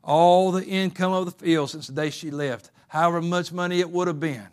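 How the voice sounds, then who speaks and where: Fervent male preacher, higher voice. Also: fairly even intonation, normal speed, clear, resonant tone. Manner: builds from quiet talk to loud fervent preaching. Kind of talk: sermon.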